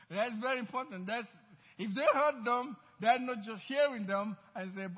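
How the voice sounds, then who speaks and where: A man's voice: extremely high pitch, moderate pace, breathy edge. A male pastor preaching a sermon, emphatic, repeating his lines and drawing out key words. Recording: dull recording in a reverberant church hall.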